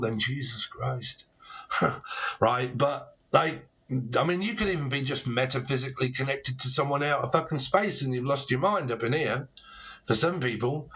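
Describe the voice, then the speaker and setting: A man in his forties gives a casual tarot reading, rambling, punning, and swearing freely. His mid-range voice is a bit bright with a breathy edge.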